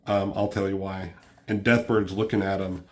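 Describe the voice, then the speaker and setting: A man's voice: sits low, little pitch movement, moderate pace. A man casually reviewing a comic book, rambling with lots of ums and swearing freely.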